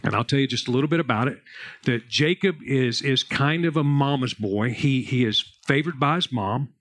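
A man's voice: mid-range voice, moderate pace. A man preaching a sermon, telling Bible stories and family anecdotes in a casual, conversational way. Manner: conversational, animated storytelling with raised voice in anecdotes. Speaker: pastor.

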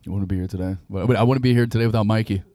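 A young man hosting a casual podcast chat, talking fast and excitably and swearing freely. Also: fairly low pitch, no echo. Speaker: podcast host.

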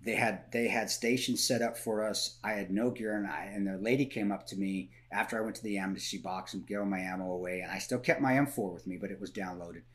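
A man's voice: lowish voice, a little fast, few pauses, a bit bright. A man as a podcast guest, telling stories in casual conversation, blunt and swearing, often restarting and repeating words.

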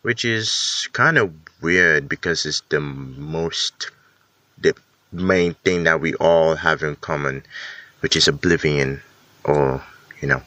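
A man's voice: a bass voice, sharp tone, no room sound. A man hosting a casual solo podcast, rambling and self-deprecating, with many fillers, restarts and casual swearing. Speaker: podcast host.

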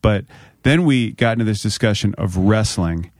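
A man with a fairly low voice hosts a podcast, chatting easily and laughing along with his guest. He speaks into a studio mic. The sound is dry and up close. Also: normal speed, no echo. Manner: warm, laughing interviewer. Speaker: podcast host. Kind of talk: casual chat. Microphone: studio microphone.

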